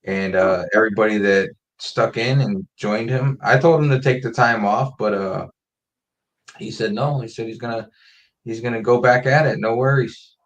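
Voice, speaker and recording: A man hosting a casual livestream chat, reading out viewer names and greetings in a relaxed, rambling way from a home setup on a desk mic. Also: on the low side, normal speed. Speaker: host.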